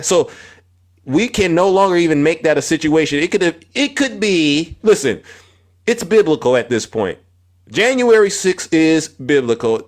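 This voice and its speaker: Running a political livestream, a male host sounds preachy and confrontational. Repetition marks his speech, he climbs higher in pitch when making emphatic points, and he singles out viewers by name.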